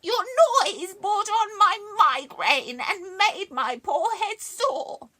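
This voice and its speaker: A woman's voice: expressive, slow pace, heavily acted. A woman voicing a horrid, spiteful old witch who cackles as she gloats, for a children's story reading. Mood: spiteful gloating. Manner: cackling, shrill and loud. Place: library reading, indoors.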